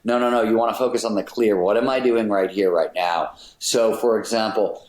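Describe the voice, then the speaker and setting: A middle-aged man guesting on a podcast speaks in a lowish, steady voice at a fairly quick clip. He lays out his ideas emphatically and casually, now and then swearing, in relaxed interview talk. The room sounds roomy and echoey.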